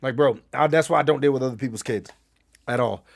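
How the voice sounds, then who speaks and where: A man's voice: medium pitch, quick pace, vocal fry. A man streaming, telling blunt, profane stories and answering his chat in heated casual talk. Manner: reads and answers chat messages. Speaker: gaming streamer.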